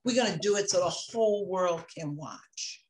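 A woman in her sixties, an author speaking in an interview, impassioned and reflective, moving between emphatic and hushed moments. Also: fairly low pitch, moderate pace. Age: 60s. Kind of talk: interview conversation.

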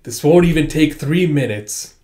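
A man's voice: on the high side, expressive, normal speed, warm tone, close to an everyday voice. Man doing a cocky, grinning troubleshooter. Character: cocky grinning young male fixer.

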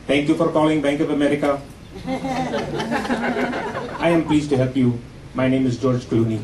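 A man's voice: mid-range voice, fairly even intonation, normal speed, noisy background, close to an everyday voice. A man putting on a polite Indian-accented bank agent. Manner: formal, politely apologetic. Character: male bank call-center agent, politely delivering bad news. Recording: echoey club from a distance.

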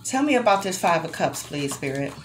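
A woman's voice: fairly low pitch, sing-song, brisk, slight background noise. A young adult woman giving an emotional tarot reading to her viewers, swearing freely and speaking tenderly to the listener. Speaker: tarot reader.

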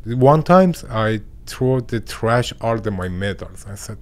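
A young man with a Persian accent, a boxer and a guest in a studio interview, speaking halting English and searching for words. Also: on the low side, expressive. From Iran. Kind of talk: interview conversation. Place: podcast studio.

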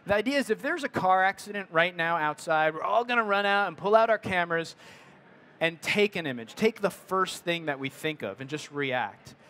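A middle-aged man talks casually to an audience. His voice sits high, and he rambles, with many fillers and restarts as he works through his thoughts. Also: lively intonation, normal speed, pushed and bright. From United States. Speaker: photographer giving a presentation.

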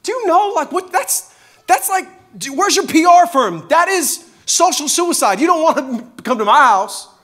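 A man's voice: very high voice, sing-song, fairly bright tone, pitched above the performer's own voice, heavily acted. A man voicing a flustered outcast male tax collector, protesting in disbelief. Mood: incredulous. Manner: incredulous, rapid-fire protest.

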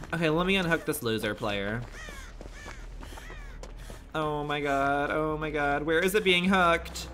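A man's voice: fairly high pitch, takes it slowly, pauses often, bright, forceful tone, faint music behind. A young man streaming a game live, talking in a campy, sassy, profane way and laughing often. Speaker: gaming streamer. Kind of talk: live gameplay commentary.

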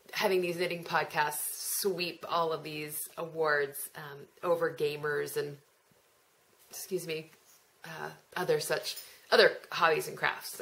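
A woman's voice: sits low, fairly bright tone, poor audio. An American woman hosting a knitting podcast, talking casually with nasal vowels and a chatty, self-deprecating way of trailing off and picking her thread back up. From United States. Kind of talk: casual rambling monologue.

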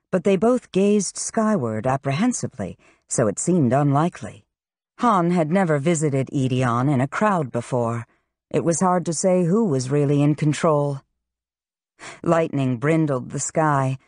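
Low-voiced woman narrating a fantasy audiobook. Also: darkish tone, dry recording, studio quality. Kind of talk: scripted narration.

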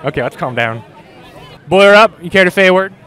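A man joking around as a mock sports reporter, interviewing fans outdoors at a stadium tailgate with goofy, deadpan punchlines. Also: on the high side, racing, a faint crowd.

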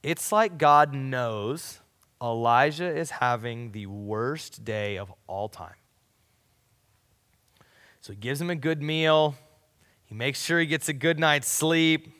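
A man preaching a casual youth sermon, his voice swinging from loud to hushed. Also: mid-range voice, slow, pauses often, big-room sound. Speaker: youth pastor.

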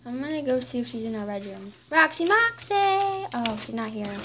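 A woman's voice: fairly high pitch, quick pace, background noise. A woman giving playful, chatty gameplay commentary while role-playing as a queen. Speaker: game player.

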